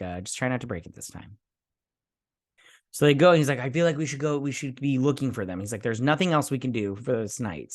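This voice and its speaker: A man recaps a show episode in loose, rambling chat, with a voice that sits at an ordinary middle pitch. He keeps slipping into quick impressions of the characters as he retells the scenes. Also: a bit bright. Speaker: show reviewer.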